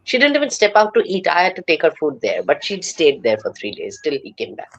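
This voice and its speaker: A woman with an Indian accent telling a story in an animated way on a live panel. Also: lowish voice, brisk, muffled recording. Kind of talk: live online panel chat.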